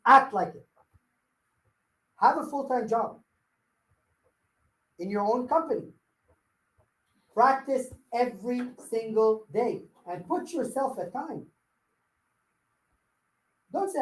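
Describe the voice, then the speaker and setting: A man's voice: very high-pitched, expressive, slow pace, long pauses, a bit bright, roomy sound, low-quality recording. A man leading a live sales coaching workshop, blunt and firing rhetorical questions at his audience. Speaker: real estate sales trainer.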